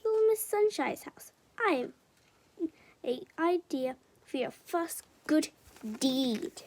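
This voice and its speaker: A woman playing a bright, eager little storybook man. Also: high-pitched, animated, takes it slowly, slight background noise, full character voice. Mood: excited. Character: small cheerful man with very long arms.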